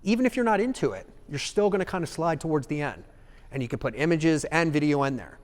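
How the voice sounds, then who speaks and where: A man giving a live seminar talk in an animated way, acting out examples and checking in with the audience. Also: a little high, fast, long reverb tail. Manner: animated, acts out examples, asks the audience "okay?". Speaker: seminar speaker.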